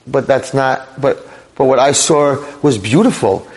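A middle-aged male rabbi telling a dramatic story in a sermon, with animated delivery. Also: mid-range voice, a little slow. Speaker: rabbi lecturer.

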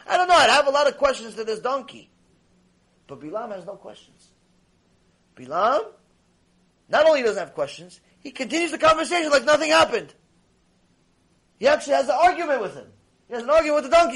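A man giving a Torah lecture, telling stories and acting out dialogue in a lively, conversational way, mixing in Hebrew terms. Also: very high voice, normal speed, pauses often, slightly rough. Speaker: rabbi lecturer.

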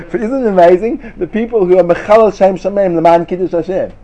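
A man giving a lively Torah class to students, sarcastic and quick to laugh at his own points. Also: sits high, highs cut off. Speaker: Torah teacher.

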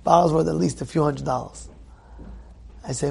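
A man giving a sermon as a rabbi, animated, acting out little dialogues and repeating phrases. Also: fairly high pitch, moderate pace, creaky, slightly rough. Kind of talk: sermon with storytelling.

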